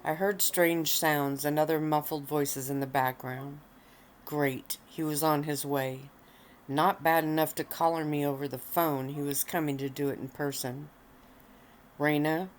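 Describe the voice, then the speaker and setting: A woman softly reading her own story aloud at home, relaxed and unhurried, lounging on pillows. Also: sits low, slight background noise. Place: at home, lying on a bed of pillows.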